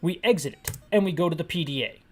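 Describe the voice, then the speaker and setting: A woman's voice: on the low side, quick pace, darkish tone, husky, faint music behind. A woman giving comedic, sarcastic commentary on an old game with audio description, rambling and correcting herself as she goes. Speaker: game retrospective narrator and describer.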